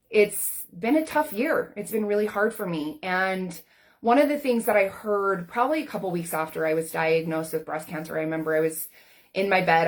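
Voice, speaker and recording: A woman in her forties with a slightly low voice shares a personal story to camera. She coaches people for a living and speaks in an earnest, candid, conversational way, full of casual fillers. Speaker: life coach.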